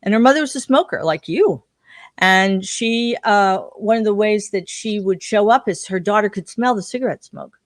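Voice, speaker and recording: A woman's voice: medium pitch, animated, normal speed, dry recording, clean studio sound. A woman guest in an interview, telling stories and acting out the people she quotes. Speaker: guest researcher. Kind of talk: interview storytelling.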